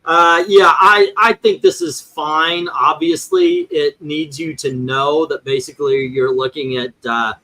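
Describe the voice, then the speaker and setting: A man's voice: a little high, animated, unhurried, few pauses, bright, forceful tone, poor audio. A man hosting a casual chat, rambling through his points with lots of fillers and restarts. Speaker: host.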